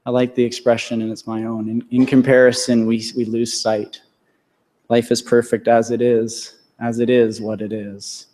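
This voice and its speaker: A man's voice: mid-range voice, level tone, normal speed, dark tone. A man in his thirties giving a convocation address, earnest and repeating phrases for emphasis, to a large hall. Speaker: convocation speaker. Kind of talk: commencement speech. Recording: echoey hall reverb.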